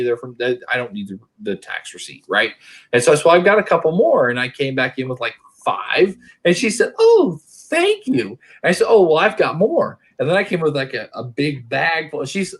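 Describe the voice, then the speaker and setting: A middle-aged man from Oklahoma telling stories in casual chat, rambling and restarting his sentences. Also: a little high. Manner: rambling storyteller, many restarts.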